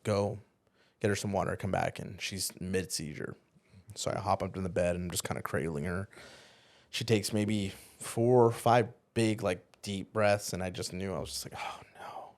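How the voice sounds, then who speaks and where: Low-voiced man telling a painful story. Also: steady tone. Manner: halting, earnest, often trailing off quietly. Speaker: podcast co-host, former youth pastor. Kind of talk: emotional personal storytelling.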